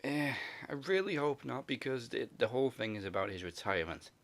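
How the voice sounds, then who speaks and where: A man's voice: mid-range voice, lively intonation, fairly quick. A man hosting a casual wrestling podcast, laughing often as he moves through the segments. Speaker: podcast host.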